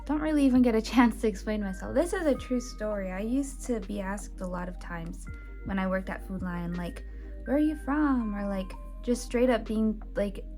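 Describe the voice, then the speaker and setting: A chatty woman from outside the United States talks through her sketchbook in a casual, self-deprecating way, giggling often. Her voice sits in a middle pitch, with soft music playing behind her. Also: normal speed. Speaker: artist vlogger. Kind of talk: casual narrated sketchbook tour.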